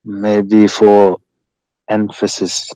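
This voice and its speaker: A man's voice: lowish voice, completely flat delivery, drawn-out words, dark tone, no room sound, rough recording. A man calling into a debate show, answering hesitantly and mildly. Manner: hesitant, mild replies. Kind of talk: live call-in debate.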